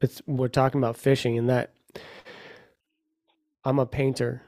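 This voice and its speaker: Halting man in dry, close sound. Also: medium pitch, little pitch movement, a little mellow, dry recording. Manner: halting, searching for words. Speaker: podcast host, painter. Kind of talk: casual podcast chat.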